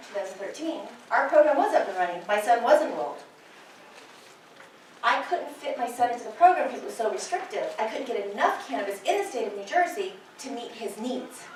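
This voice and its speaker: A woman's voice: fairly high pitch, a little hiss or hum. A middle-aged woman, a nurse, lecturing nurses in an impassioned, personal way. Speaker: nurse educator. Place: large lecture hall. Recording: very echoey hall, from far off.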